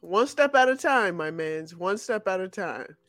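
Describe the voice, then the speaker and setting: A podcast co-host in casual chat, answering with short affirmations and relaxed, drawn-out remarks. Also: medium pitch, dry recording.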